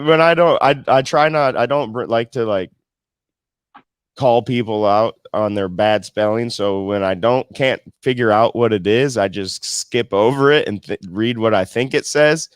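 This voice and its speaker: A man co-hosting a laid-back stream, reading viewer messages with plenty of swearing and restarts. His voice is smooth and resonant, with a dry, close sound and no room around it. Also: mid-range voice, measured pace, dry recording. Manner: loose and profane, laughs often, stumbles while reading. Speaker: co-host. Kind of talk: casual chat, reading viewer comments aloud.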